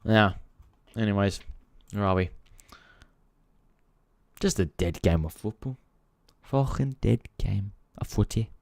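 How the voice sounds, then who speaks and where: A frustrated football channel host rants on a casual live stream, swearing freely and speaking directly to viewers. His lowish voice is gravelly and animated, and he talks slowly with long pauses. There's no room sound.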